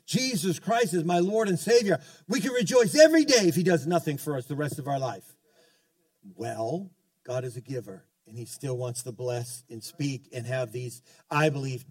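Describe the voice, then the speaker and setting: A man's voice: a little high, darkish tone, no room sound, recorded from a distance. A man preaching a sermon as pastor, fervent, calling out to the congregation and often restarting his sentences. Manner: fervent preaching with call-outs and many restarts.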